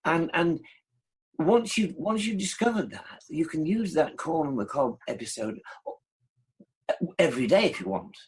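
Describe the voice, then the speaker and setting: British male guest, very raspy, lively pitch, emphatic. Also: unhurried, pauses often. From United Kingdom. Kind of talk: casual interview.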